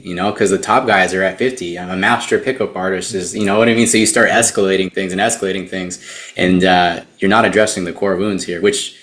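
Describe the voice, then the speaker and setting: Low-voiced man explaining in a roomy space. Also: fairly even intonation, a bit bright. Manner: measured, explains step by step, uses fillers. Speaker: therapist and dating coach guest. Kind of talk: explanatory interview talk.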